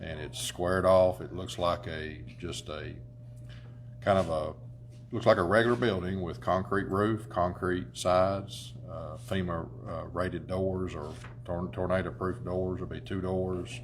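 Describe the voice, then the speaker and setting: A man's voice: deep voice, steady tone, unhurried. A man, an emergency management director explaining things plainly and practically. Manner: matter-of-fact, practical explainer. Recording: noticeable room noise.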